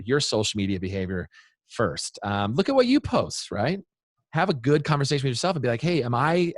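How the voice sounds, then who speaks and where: A man in his thirties or forties, an interview guest giving parenting advice in an earnest, animated way. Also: mid-range voice, dry recording, clean studio sound. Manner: earnest, animated, acts out quoted voices. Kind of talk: interview storytelling.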